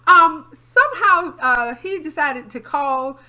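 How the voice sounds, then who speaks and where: A woman co-hosting a podcast, telling a story in casual chat and acting out quotes loudly, with frequent laughs and swearing. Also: high-pitched, slow pace. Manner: animated, acts out quotes loudly. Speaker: podcast co-host.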